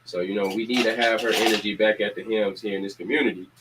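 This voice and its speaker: Energetic man rallying his community. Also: lowish voice, fast talker, background noise. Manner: preacher-like repetition, energetic calls to action. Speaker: community organizer and show host. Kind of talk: casual community announcements.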